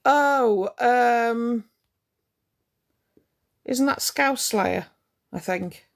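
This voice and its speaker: Gravelly woman on a heated live-stream rant. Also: on the high side, extremely slow. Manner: confrontational, indignant, repeats for emphasis.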